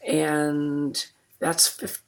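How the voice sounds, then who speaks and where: Woman teacher going hoarse, low voice, talks real slow and reads poems carefully, keeps clearing her throat. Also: flat delivery. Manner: slow, deliberate poetry reading with pauses. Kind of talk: recorded classroom lecture.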